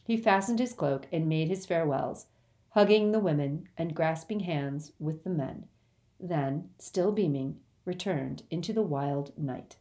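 A woman narrating a storybook aloud in a measured, expressive way. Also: deep voice. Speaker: audiobook reader.

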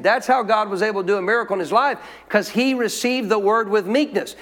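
A man's voice: sits high, brisk, few pauses, a bit bright. A male pastor preaching a sermon in a church, emphatic, calling out to the congregation for responses. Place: church sanctuary. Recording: long hall reverb.

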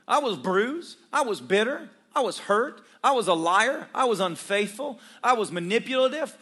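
A male pastor preaching a sermon to his church, calling for responses and rising to shouts, with joking asides. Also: high-pitched, sing-song, normal speed, slightly rough. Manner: call-and-response with congregation.

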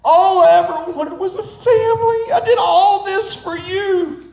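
A grieving fatherly creator, high and raised, pleading to the children he lost as a preacher acts him out. The calls echo around a large room. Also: animated, takes it slowly, exaggerated voice. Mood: anguished. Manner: pleading, calling out loudly.

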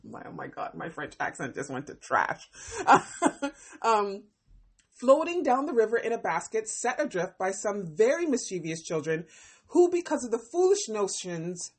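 A woman hosting a podcast that reviews a TV series, talking casually in an animated, expressive way, often exclaiming and laughing. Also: lowish voice, husky.

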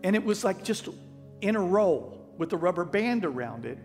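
High-voiced pastor in a hall. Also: male voice, moderate pace. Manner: folksy, animated, acts out quotes. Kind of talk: storytelling sermon. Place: church sanctuary. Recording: long church hall reverb with faint music.

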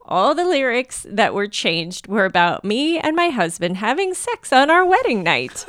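A woman co-hosting a podcast, reading a listener's story aloud in an animated way and laughing often. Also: fairly high pitch, a little slow, dry recording, studio quality.

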